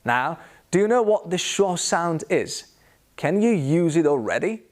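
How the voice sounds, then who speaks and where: A man with a British accent leads an English pronunciation lesson, modelling each sound slowly and repeating every example word. His pitch sits a little high and swings widely as he speaks. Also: expressive. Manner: slow, exaggerated demonstration of sounds with repeated examples. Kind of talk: scripted lesson.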